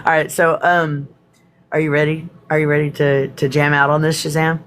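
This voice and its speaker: A woman's voice: low voice, flat delivery, moderate pace. A woman with a Texan accent hosting a casual live stream, chatty and rambling, with casual swearing. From Texas.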